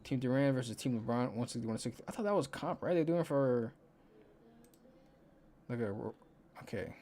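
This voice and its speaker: A man's voice: mid-range voice, normal speed, dark tone. Young male podcast host, loose profane solo chat, mid-range voice, faint background noise. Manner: rambling, profane, counts aloud to himself.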